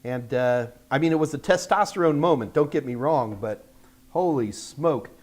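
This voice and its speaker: A man's voice: medium pitch, moderate pace, a little mellow. An older man from the United States hosting a live tech Q&A, rambling in a chatty, self-deprecating way. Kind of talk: casual livestream chat.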